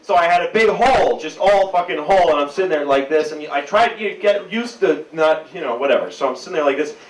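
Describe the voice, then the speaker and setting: Slightly high male storyteller, self-deprecating, off-mic in an echoey, noisy room. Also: lively intonation, fast talker, distant mic. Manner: rambling, self-deprecating anecdote.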